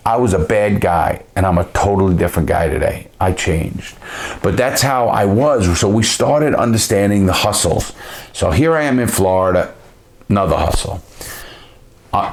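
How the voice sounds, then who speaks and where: A man's voice: low-pitched, darkish tone. A man telling stories from his past in a blunt, profane way, often restarting his sentences. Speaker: storyteller. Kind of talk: casual storytelling.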